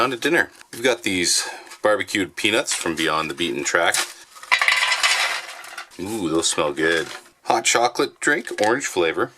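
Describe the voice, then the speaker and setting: A man casually reviewing military rations in his basement, chatty and relaxed with plenty of fillers. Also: sits low, slight background noise. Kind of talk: casual food review vlog. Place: home basement.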